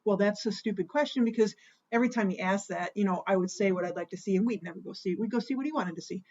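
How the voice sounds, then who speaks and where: A woman's voice: medium pitch, fast talker, darkish tone. Middle-aged lady rambling on her drinks vlog, chatty storyteller, kinda muffled home recording. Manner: rambling, self-deprecating storyteller. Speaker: host of a home cocktail show. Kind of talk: casual chatty cocktail vlog. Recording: slightly dull lo-fi home recording.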